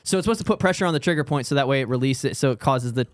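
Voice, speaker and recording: A man's voice: mid-range voice, very fast, dry recording, studio quality. A man co-hosting a comedy podcast, rambling and trailing off in casual banter. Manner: rambling, trails off, laughs often.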